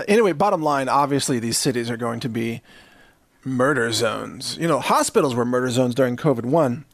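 A man's voice: mid-range voice, dry recording. A man from the Southern US hosting a ranting monologue, sarcastic and chuckling between jabs. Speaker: host.

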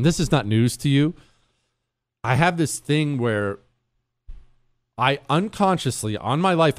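Playful, animated American talk show host. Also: male voice, medium pitch, no room sound. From Ohio, USA. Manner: playful, self-mocking, teasing his producer. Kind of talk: casual radio show banter.

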